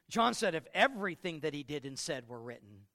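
Playful, bright-voiced male preacher. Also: a little high, very animated, moderate pace, creaky. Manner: playful storytelling, acting out scenes. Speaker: pastor. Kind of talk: sermon.

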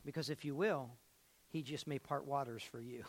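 Preaching as a pastor, this man speaks at medium pitch and a moderate pace, repeating phrases and telling stories as his volume swings from loud to hushed.

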